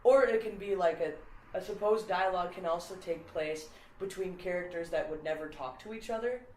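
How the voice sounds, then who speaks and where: A woman's voice: lowish voice, brisk, darkish tone, echoey room, slight background noise, rough recording. A woman in a casual conversation, rambling as she explains an idea and filling her talk with "like". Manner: rambling, with many fillers of "like". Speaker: podcast guest explaining a comedy idea.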